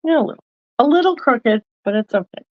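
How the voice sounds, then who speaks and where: Lady making cards and chatting to herself, lively up and down voice, kinda dull lo-fi mic. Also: a little high, a little fast. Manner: chatty, thinking aloud, self-correcting. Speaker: card-making video host. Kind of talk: casual crafting demonstration.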